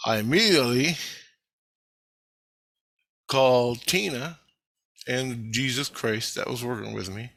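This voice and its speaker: A man's voice: medium pitch, slow pace, creaky, long pauses, a bit bright, dry recording. A man in a casual monologue video who rambles through a story and swears constantly.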